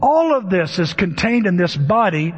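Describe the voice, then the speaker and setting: High-voiced male preacher in a reverberant hall. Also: very animated, normal speed, husky. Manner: emphatic preaching with rhetorical questions. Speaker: pastor. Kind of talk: sermon. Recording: dull lo-fi with long hall reverb.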